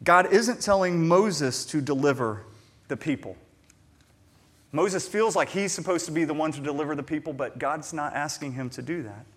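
A man preaching a sermon, animated, acting out the voices of the figures he reads about and shifting between quiet and loud. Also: on the high side, normal speed. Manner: animated, acts out biblical voices with shifting loudness. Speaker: pastor.

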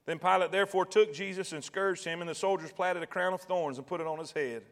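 High-voiced man preaching a dramatic sermon. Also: steady tone, fast. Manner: dramatic, acts out quoted voices and swells to shouts.

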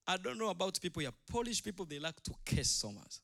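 A man delivers a sermon in a church with a high, bright voice. His delivery is impassioned, rising into shouts at its peaks, and his pitch swings widely from line to line. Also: very animated, quick pace, vocal fry. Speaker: preacher.

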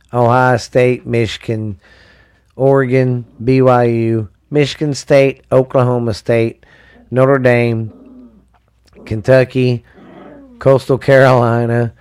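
A man's voice: medium pitch, darkish tone, clear, resonant tone. A man hosting a casual sports podcast, rambling and swearing as he reads scores and rankings. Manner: rambling, profane, drawling, reads lists with fillers. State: dry mouth. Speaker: podcast host.

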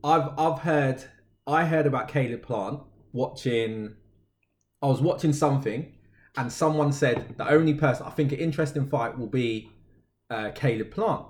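A man's voice: mid-range voice, normal speed, darkish tone. A man co-hosting a podcast, chatting casually, mostly agreeing in short replies and rambling a bit when he takes over. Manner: easygoing listener, brief agreements, rambling when he talks. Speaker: podcast co-host. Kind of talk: casual chat.

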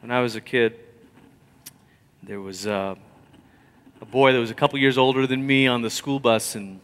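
A man preaching a sermon, telling stories conversationally and swinging from loud emphasis to near whispers. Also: mid-range voice, fairly even intonation, moderate pace, clean tone. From Malaysia. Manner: storytelling, conversational. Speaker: pastor.

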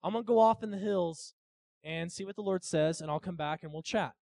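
A man's voice: sits high, fairly quick, gravelly, warm tone, no room sound, studio quality, voice pushed down. A man playing a rich, sheepish prophet who hedges and mumbles, in a comic retelling during a sermon. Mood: obliging. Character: rich, sulky male prophet, talking himself out of trouble.

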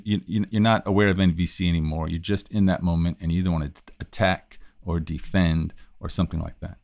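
A man's voice: sits low, a little mellow, dry recording, clean studio sound. A man hosting a solo talk on communication, thinking aloud in a loose, casual way with frequent restarts. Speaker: podcast host teaching communication.

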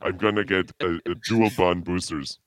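A man's voice: low-pitched, steady tone, moderate pace, no echo. A man co-hosting a podcast in a casual chat, laid-back and goofy, stumbling over his words. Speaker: podcast co-host.

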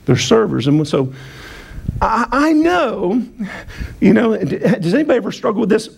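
A man preaching a sermon in a high voice with a gravelly, fry-laden edge. He teases the congregation, calls for them to answer back, and stumbles through restarts as he goes. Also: sing-song, moderate pace, long pauses. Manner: playful, self-mocking preaching with call-and-response. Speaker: pastor.

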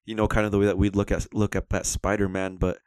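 A man's voice: deep voice, little pitch movement, quick pace, a little mellow, clean tone, no room sound. A young man casually chatting about movies on a podcast, enthusiastic and rambling. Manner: enthusiastic, rambling, quotes scenes in put-on voices. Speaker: podcast co-host.

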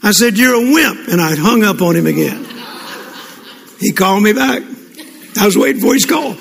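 A man's voice: sits high, animated, normal speed, gravelly. An older man preaching a sermon to a congregation, telling folksy stories with frequent restarts. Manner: folksy storytelling with repeated restarts. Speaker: pastor. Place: church. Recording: echoey hall with congregation responses.

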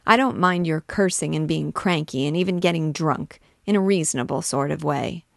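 A woman's voice: deep voice, normal speed, gravelly, no room sound, studio quality. Female reader as young wife, plain-spoken, scolding, audiobook. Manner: blunt, scolding.

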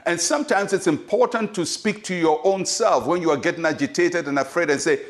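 A man's voice: fairly high pitch, fairly quick, few pauses. A male pastor giving a short devotional sermon, emphatic and repetitive, urging listeners on. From Ghana. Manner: emphatic, repetitive exhortation with acted quotes.

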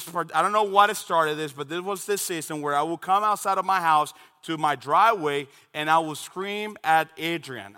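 Bright-voiced Dominican preacher, man. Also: fairly high pitch, clear, resonant tone. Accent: Dominican Spanish. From Dominican Republic. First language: Spanish. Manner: animated storytelling with shouted imitations. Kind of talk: sermon. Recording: long reverb of a large hall.

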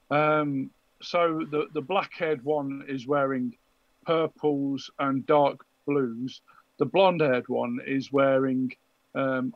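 A man's voice: a little high, no echo, dull audio. A man narrating as game master of a tabletop game, descriptive and hesitant with ums.

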